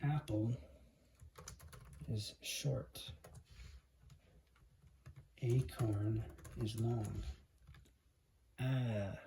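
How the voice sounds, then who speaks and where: A pronunciation teacher giving a slow phonics lesson, repeating example words one at a time to contrast vowel sounds. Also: mid-range voice, steady tone, vocal fry, mellow, a little hiss or hum.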